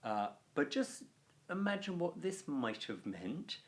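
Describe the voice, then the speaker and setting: A man teaching a Latin video lesson, explaining grammar clearly and stressing key words with deliberate pauses. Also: on the high side, very animated.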